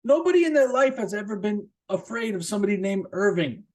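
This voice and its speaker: A man hosting his own podcast in a casual solo rant. He swears a lot, rambles with fillers and restarts, and jumps up in pitch to stress a point. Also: a little fast. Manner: animated, jumping up in pitch for emphasis. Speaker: podcast host.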